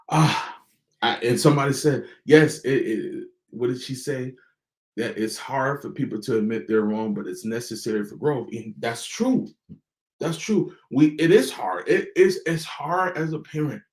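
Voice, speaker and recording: A man hosting a motivational talk to parents, with a preacher-like delivery that repeats key words and slows down for emphasis. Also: mid-range voice, a little mellow, roomy sound, rough recording. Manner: preacher-like, emphatic repetition and pauses. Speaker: host.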